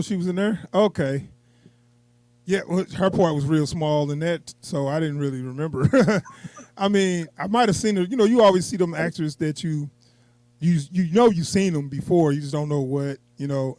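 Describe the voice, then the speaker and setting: Guy reviewing a movie, kinda high voice, dry close mic, laughs a lot and does bits. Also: normal speed, no room sound. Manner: animated, laughs often, acts out quotes with a raised voice. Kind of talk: casual movie review chat.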